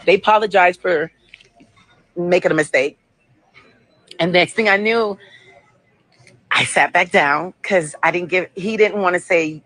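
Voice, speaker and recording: A woman filming herself on her phone at an airport, upset and firing off sharp questions. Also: on the low side, moderate pace, low-quality recording. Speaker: vlogger. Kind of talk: filming herself in a casual rant.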